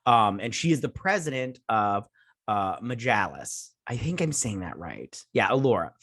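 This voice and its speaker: A man's voice: fairly low pitch, sing-song, moderate pace, fairly bright tone, no echo. Rambling male reviewer, dry close sound. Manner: rambling, scatterbrained, many restarts. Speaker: channel host reviewing a TV episode. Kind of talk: casual unscripted review chat.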